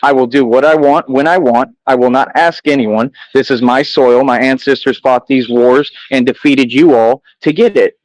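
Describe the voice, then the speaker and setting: A man's voice: mid-range voice, fairly even intonation, moderate pace, few pauses, dry recording, low-quality recording. Boastful man ranting in street slang. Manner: boastful, combative, repetitive slang-heavy street talk. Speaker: vlogger addressing critics. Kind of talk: defiant monologue to camera.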